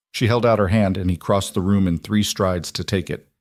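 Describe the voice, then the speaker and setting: Man with a lowish steady narrating voice. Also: moderate pace, no echo, studio quality. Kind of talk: scripted narration.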